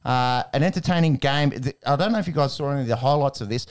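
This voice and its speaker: A man's voice: medium pitch, fast. A man hosting a casual sports chat show, blokey and joking, with frequent laughs and the odd swear word. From Australia. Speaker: podcast host.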